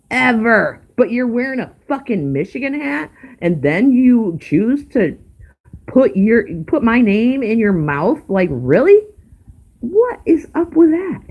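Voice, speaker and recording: A woman's voice: mid-range voice, husky, lo-fi sound. Profane, exasperated woman ranting. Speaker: livestream host. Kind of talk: casual livestream chat.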